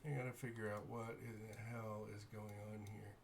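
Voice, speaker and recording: A man acting as game master, guiding players through an online tabletop session and muttering to himself while he sorts out glitchy software. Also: on the low side, level tone, fairly quick, vocal fry, a little hiss or hum.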